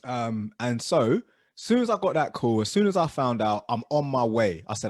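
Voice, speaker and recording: A man telling stories as co-host of a casual podcast chat, animated and dropping low and quiet for asides. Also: normal speed, no room sound, clean studio sound.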